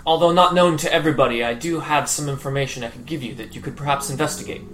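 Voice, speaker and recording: A man voicing a formal, courteous male lore master who speaks in measured, hesitant phrases. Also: fairly high pitch, crowd noise, lightly acted. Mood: earnest. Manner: measured, hesitant speech with many pauses.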